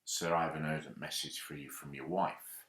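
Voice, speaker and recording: A man's voice: a bass voice, little pitch movement, moderate pace, a bit bright, roomy sound. A man voicing a dutiful aide who formally reports a message in a Bible story retelling. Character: dutiful male aide to a governor.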